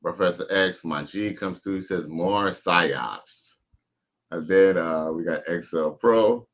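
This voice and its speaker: A man's voice: deep voice, moderate pace, lo-fi sound. A man casually commenting on a live stream, reading chat comments aloud in laid-back slang.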